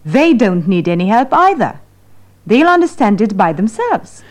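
A woman's voice: medium pitch, big pitch swings, normal speed. Playful woman presenting a radio English lesson. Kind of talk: scripted radio lesson banter.

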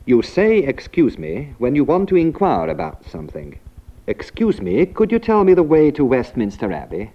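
A man teaching a scripted radio English lesson, explaining slowly, clearly and didactically. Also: medium pitch, wildly swooping pitch. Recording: muffled old radio-course recording.

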